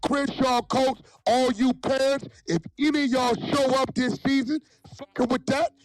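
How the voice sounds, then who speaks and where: A man's voice: very high voice, steady tone, normal speed, dry recording, clean studio sound. A man in a profane livestream rant, angry and taunting, with a sing-song delivery.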